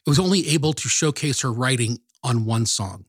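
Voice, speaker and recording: A man's voice: mid-range voice, fairly quick, husky, dry recording. A man co-hosting a music podcast, telling stories and making dry jokes in casual chat. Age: adult past college age. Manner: storytelling, dry joking. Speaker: podcast co-host.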